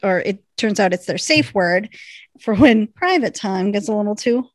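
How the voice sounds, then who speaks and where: A woman in her thirties, a podcast co-host, recapping a TV episode in casual, animated chat. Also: medium pitch, normal speed, no room sound, clean studio sound. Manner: animated storytelling, acts out quotes with laughs.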